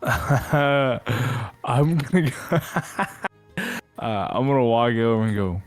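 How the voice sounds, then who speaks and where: Man, tabletop player, soft and hesitant, faint music behind. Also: medium pitch, takes it slowly. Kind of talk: tabletop role-play.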